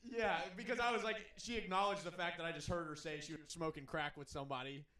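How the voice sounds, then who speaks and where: Bright-voiced young man rambling casually. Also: on the high side, fairly even intonation, quick pace. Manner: rambling, full of filler words and swearing. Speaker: podcast co-host. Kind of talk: casual chat, storytelling.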